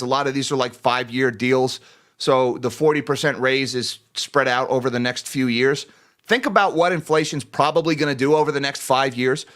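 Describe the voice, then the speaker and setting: A man's voice: medium pitch, a bit bright. Chatty male finance livestream host. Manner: chatty, joking, laughs often; thanks viewers by name. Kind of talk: casual livestream market commentary.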